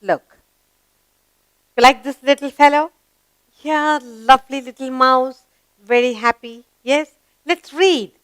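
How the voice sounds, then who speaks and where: Woman teacher, Indian English accent, slow and encouraging for small kids, smooth voice, dry close recording. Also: sits high, fairly bright tone, dry recording. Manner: encouraging, asks questions and answers them herself; drawn-out, sing-song reading of sentences. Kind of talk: slow grammar lesson for young children.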